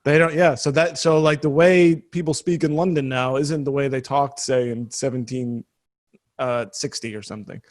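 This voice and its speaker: A man's voice: mid-range voice, fairly even intonation, normal speed. A man co-hosting a podcast, rambling and hesitant as he brings up the stories. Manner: rambling, hesitant, many restarts and laughs. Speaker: podcast co-host. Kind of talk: casual chat.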